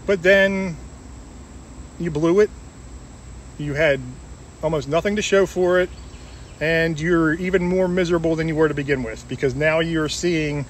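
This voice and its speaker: A man's voice: fairly high pitch, fairly bright tone, a little hiss or hum. A man giving an informal Bible talk, retelling a parable in a conversational way with restarts and fillers. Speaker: Bible teacher.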